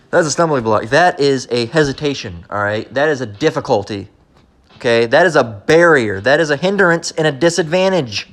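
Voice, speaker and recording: A man preaching in a blunt, confrontational way, repeating his points and reading scripture slowly and deliberately. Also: fairly high pitch, expressive, a bit bright. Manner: blunt, repetitive, keeps asking "all right?"; reads verses slowly and deliberately. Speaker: street preacher.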